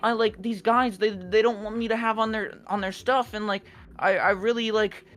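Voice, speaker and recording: A man voicing a whiny, self-pitying outsider who complains in a high, stammering whine. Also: steady tone, normal speed, a bit bright. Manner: stammering, rambling with fillers.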